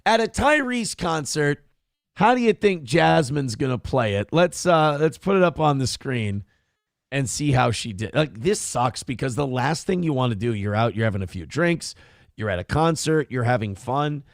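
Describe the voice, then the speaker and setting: A man's voice: medium pitch, lively intonation, moderate pace, creaky, dry recording, clean studio sound. A middle-aged man hosting a morning show, with crude, sarcastic and mocking commentary. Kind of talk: casual live-stream commentary.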